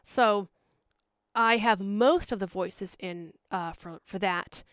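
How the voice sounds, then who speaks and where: A woman who produces and directs fan comic dubs, giving a rambling channel update on a livestream, a little hoarse. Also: medium pitch, slow pace, dry recording, clean studio sound. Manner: rambling, with frequent ums and asides. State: slightly hoarse.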